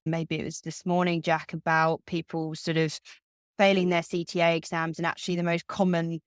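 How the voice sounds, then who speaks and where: Woman guest on a podcast, kinda low voice, chatty and laughs a lot, dry close mic. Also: little pitch movement, moderate pace, no room sound. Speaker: recruitment guest. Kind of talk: casual podcast chat.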